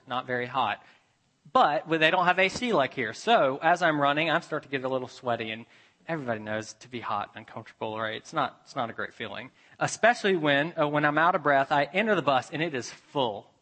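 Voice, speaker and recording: A pastor preaches a sermon built around a personal story, swinging animatedly between loud emphasis and hushed asides. His voice is medium-pitched and a little fast.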